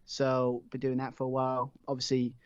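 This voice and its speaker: A man's voice: medium pitch, completely flat delivery, normal speed, clean tone, no room sound, lo-fi sound. A man, a podcast guest chatting casually and rambling, with many fillers and restarts. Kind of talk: casual chat.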